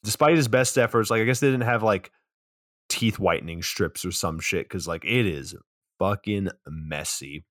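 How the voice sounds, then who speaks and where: A man co-hosting a podcast, casually recapping a movie in a rambling, relaxed way with some swearing. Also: on the low side, normal speed, no room sound, studio quality. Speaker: podcast co-host.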